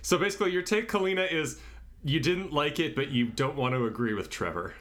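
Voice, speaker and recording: A man co-hosting a podcast who chats casually and makes wry, deadpan jokes. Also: fairly high pitch, a little fast. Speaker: podcast co-host. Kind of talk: casual chat.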